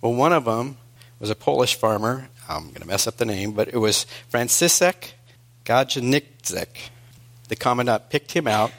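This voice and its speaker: A male preacher delivering a sermon in an earnest storytelling manner, moving between hushed and emphatic. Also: medium pitch, animated, normal speed.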